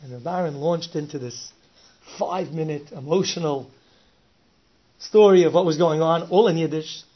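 A man telling a story with lively energy, often laughing and slipping in Yiddish words. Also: fairly high pitch, moderate pace. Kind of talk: animated oral storytelling. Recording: dull lo-fi recording with faint hiss.

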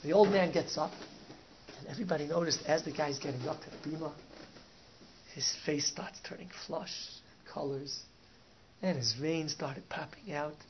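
A man, a rabbi, telling a story in a Torah talk, sprinkling in Yiddish and Hebrew words and swinging from soft to loud. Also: on the high side, normal speed. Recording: dull lo-fi recording with faint noise.

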